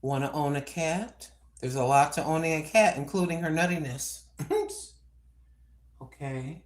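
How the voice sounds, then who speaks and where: An older American woman vlogger rambles in a relaxed chat with her viewers at home. Her voice is deep and unhurried, and the recording quality is rough.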